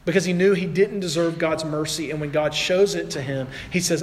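A man's voice: a little high, a little fast, fairly bright tone, big-room sound. A man preaching a sermon to his congregation in a conversational way, sometimes acting out the voices of people in the story. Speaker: pastor.

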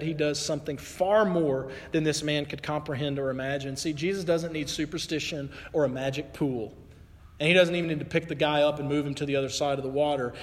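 Preacher in a reverberant hall. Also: male voice. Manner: conversational preaching, acts out quoted voices with rising pitch. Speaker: pastor. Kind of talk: sermon.

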